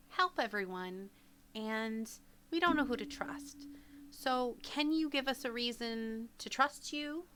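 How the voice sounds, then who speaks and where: A woman's voice: on the high side, sharp tone, slight background noise. A woman playing a tabletop game, chatting casually and playfully, laughing often. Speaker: player. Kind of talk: casual tabletop play with in-character dialogue.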